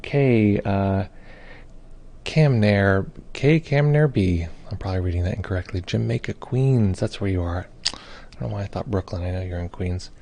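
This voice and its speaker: Man, very deep voice, gravelly, casual live-stream host, chatty, lots of ums. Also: normal speed, mellow, a little hiss or hum. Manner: chatty, reads chat comments aloud, many fillers. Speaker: meditation teacher hosting a live stream. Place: home or studio in Brooklyn.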